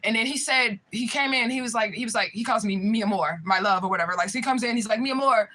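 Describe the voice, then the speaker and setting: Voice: mid-range voice, fast. A speaker telling a personal story in a casual vlog, swearing often and slangy, constantly checking in with the listener. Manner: profane, animated, slangy storytelling. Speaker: spiritual reader telling a story.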